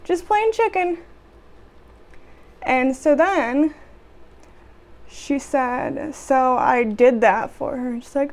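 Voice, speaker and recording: A woman's voice: high-pitched, takes it slowly, pauses often, a little mellow. A young woman vlogger telling work stories in a casual chat, sarcastic and exasperated, with sighs.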